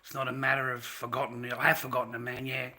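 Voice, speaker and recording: A man's voice: mid-range voice, level tone, quick pace, sharp tone. Blunt, profane man in his fifties. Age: 50s. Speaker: livestream host. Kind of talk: casual livestream rant.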